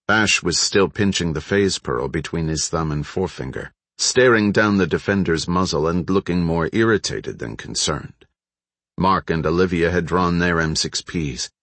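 A man narrating an audiobook in a steady, even storytelling manner. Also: deep voice, dry recording. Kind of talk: scripted narration.

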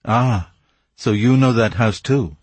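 A man's voice: mid-range voice, slow pace, a little mellow, husky, dry recording. A man voicing an impetuous, anxious young nobleman who pleads urgently.

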